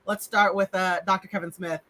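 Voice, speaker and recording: Man, game master, playful narration, high pitch, very bright tone. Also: little pitch movement, brisk, poor audio. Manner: loose, playful narration with laughs.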